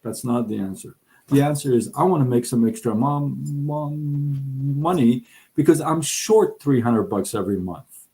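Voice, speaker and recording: A man's voice: mid-range voice, expressive, measured pace, dark tone. A middle-aged man hosting a live show, giving blunt, emphatic advice to viewers and acting out what people say, stumbling over words now and then. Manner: blunt and emphatic, acts out quotes, stammers on words. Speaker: host of a live side-income show. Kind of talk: direct motivational talk to viewers.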